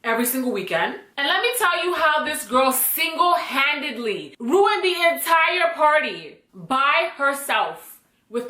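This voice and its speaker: A woman telling a personal story to camera in a casual, blunt, animated way, swearing freely. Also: fairly high pitch, reverberant. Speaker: storytime vlogger.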